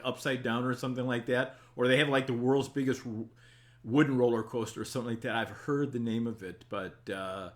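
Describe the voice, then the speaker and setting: An older man hosting a casual live-stream talk show, reading viewer comments aloud and answering in a folksy, rambling way. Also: mid-range voice.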